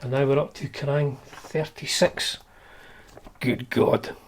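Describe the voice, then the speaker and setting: A man's voice: mid-range voice, steady tone, slow pace, slight background noise. A man hosting a guitar channel, chatting casually and wryly through old magazines, with lots of fillers and restarts.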